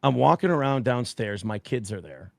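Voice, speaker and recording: A man, a guest on a talk stream, telling a story in a casual, profane, animated way and acting out the quotes. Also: mid-range voice, moderate pace, gravelly, no room sound, studio quality.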